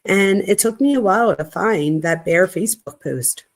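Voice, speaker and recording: A woman's voice: medium pitch, animated, moderate pace, close to an everyday voice. Casual young boyfriend's texts, read by a woman, plain offhand delivery. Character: casual young man texting his girlfriend.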